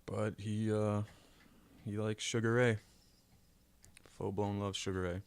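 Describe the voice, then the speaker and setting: A man's voice: fairly low pitch, level tone, slow, clear, resonant tone. A man co-hosting a casual podcast, joking in an easygoing way. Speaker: podcast co-host. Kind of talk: casual chat.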